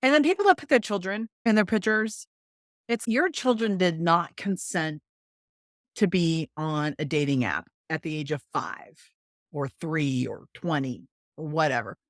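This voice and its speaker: A woman hosts a podcast in a casual, frank chat, with firm opinions. Her voice is very low for a woman. The recording is dry, with no room echo. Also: animated, measured pace. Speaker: podcast host.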